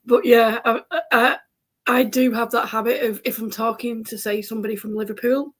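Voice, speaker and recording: A woman's voice: a little high, fairly even intonation, moderate pace. A woman from England with a northern English accent, hosting a friendly, casual chat over a video call and laughing often. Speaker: host. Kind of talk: casual conversation.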